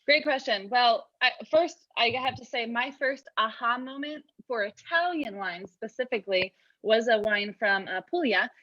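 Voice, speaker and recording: A woman's voice: fairly high pitch, normal speed, pushed and bright, highs cut off, a little hiss or hum. A woman sommelier answering interview questions in a chatty, storytelling way. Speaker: sommelier, guest. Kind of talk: casual video interview.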